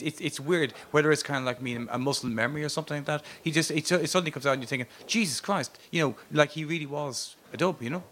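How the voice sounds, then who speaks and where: An Irish man from the countryside, a panelist who stammers, restarts and swears emphatically in a lively discussion. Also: a little high. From rural Ireland.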